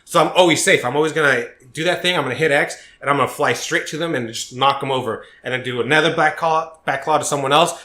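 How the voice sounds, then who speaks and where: Young male podcast co-host, animated profane storyteller, bright tense voice, roomy echo. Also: fairly high pitch, quick pace, few pauses. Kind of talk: casual podcast chat.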